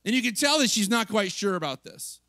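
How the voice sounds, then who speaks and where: A man's voice: high voice, animated, brisk, pushed and bright, dry recording. A man preaching a casual, conversational sermon, peppered with "like" and "right?" and acting out the people he quotes. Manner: chatty, lots of "like" and "right?", acts out quotes with laughs. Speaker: pastor.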